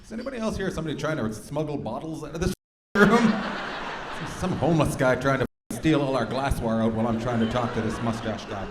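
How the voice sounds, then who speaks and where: Doing crowd work at a comedy club, this man ribs the audience with profane banter in a fast, expressive, medium-pitched voice. The room echoes and the crowd is noisy.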